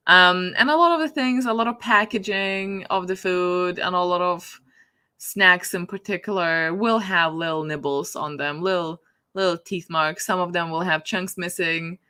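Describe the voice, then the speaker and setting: A woman's voice: lowish voice, normal speed, sharp tone, clean tone. A woman chatting casually on a livestream, giggling often as she talks. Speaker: book streamer.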